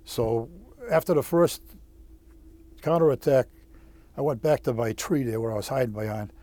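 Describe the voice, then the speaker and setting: A man, a former Marine, telling his war story in an interview, halting with many restarts and blunt swearing. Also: mid-range voice, dark tone. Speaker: veteran interviewee. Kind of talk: oral history storytelling.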